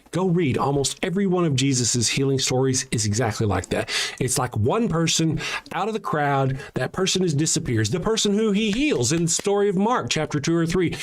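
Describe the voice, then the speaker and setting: Emphatic, fairly high-voiced male ranter. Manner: emphatic, repetitive, profane. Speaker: show host. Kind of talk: ranting commentary.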